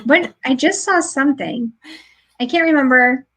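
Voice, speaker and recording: A talkative woman hosting a podcast from home over a remote stream. Her voice sits a little high, and she rambles through stories with frequent laughs in a relaxed, casual chat. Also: moderate pace, low-quality recording. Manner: chatty storyteller, laughs often. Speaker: podcast host.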